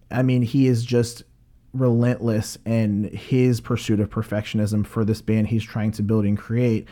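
A man talks through a film review in a loose, casual way, full of fillers and restarts. His voice is dark and mellow, at a middle pitch. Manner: rambling, many fillers and restarts.

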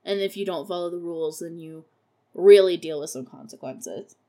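A woman's voice: fairly low pitch, normal speed, warm tone. A young woman hosting a podcast, recapping a horror musical in a casual, sarcastic way, swearing freely and laughing at her own jokes. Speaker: podcast host reviewing a film.

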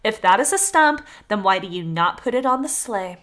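A woman's voice: mid-range voice, expressive, moderate pace, a bit bright, close to an everyday voice. A woman reading aloud as a scheming female fox who scolds and mocks, in a casual podcast storytelling read. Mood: chiding.

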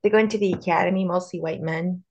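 A woman's voice: fairly low pitch, fairly even intonation, fast, a little mellow, highs cut off. A young woman from the US, co-hosting a podcast in casual chat, blunt and sarcastic and swearing freely. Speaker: podcast co-host.

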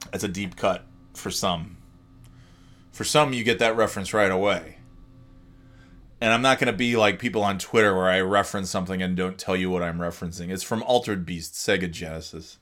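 A man's voice: low-pitched, a bit bright. A man hosting a casual solo podcast, sleepy and yawning, ranting sarcastically with plenty of swearing. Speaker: podcast host.

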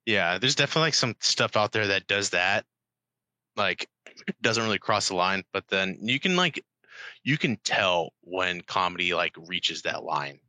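A man's voice: sits low, animated, unhurried, sharp tone, dry recording. A man in laid-back casual chat, agreeing often and talking with lots of filler words.

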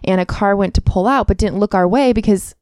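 A woman co-hosting a podcast, chatting casually, telling stories quickly and laughing often. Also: medium pitch, a little mellow, no room sound, clean studio sound. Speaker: podcast co-host. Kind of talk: casual chat.

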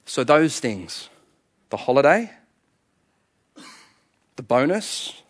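A man in his forties preaching a sermon, animated and humorous, acting out conversations with his own soul. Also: medium pitch, takes it slowly. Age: 40s. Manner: animated, humorous, acts out inner dialogue. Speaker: pastor.

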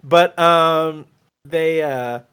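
A man on a casual podcast with a bright, forward voice, a little higher than most men. He rambles through stories with many fillers. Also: extremely slow, smooth. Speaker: podcast co-host. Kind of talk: casual chat.

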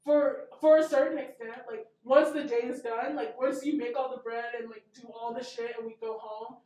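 High-voiced chatty young woman. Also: fairly even intonation, normal speed, dark tone. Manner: chatty, laughs often, swears casually. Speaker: small business owner. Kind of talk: casual chat. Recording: roomy, mic at a distance.

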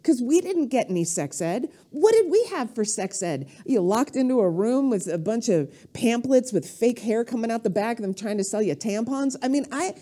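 A middle-aged comedienne rants on a podcast, swearing freely and wandering off on tangents. Her pitch leaps up and down all the time, sitting a little high for a woman. Her tone is warm and mellow rather than sharp. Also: normal speed, hardly any pauses. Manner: animated, profane, rambling, with sudden jumps in pitch. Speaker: comedian guest.

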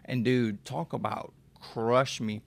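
A young man in his twenties speaks as a podcast guest, his voice carrying a gravelly, creaky edge. He talks bluntly and emotionally, casual and unpolished, dropping the odd swear word as he tells his story. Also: medium pitch, steady tone, slow pace, dry recording. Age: 20s. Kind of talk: candid interview storytelling.

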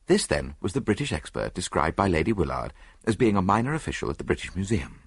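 Husky, animated male audiobook narrator. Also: sits low, no room sound. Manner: measured first-person storytelling. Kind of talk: scripted narration.

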